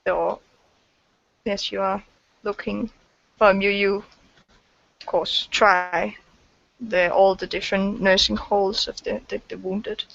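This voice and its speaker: A woman's voice: mid-range voice, level tone, slow pace, gravelly, pauses often, a bit bright, no room sound, dull audio. A woman narrating a tabletop game as game master, hesitant and full of fillers. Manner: hesitant, many fillers and restarts.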